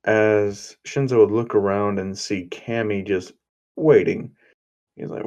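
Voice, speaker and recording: A man's voice: lowish voice, fairly even intonation, slow, a little mellow, lo-fi sound. A man narrating an improvised fan story in a loose, casual way, swearing now and then.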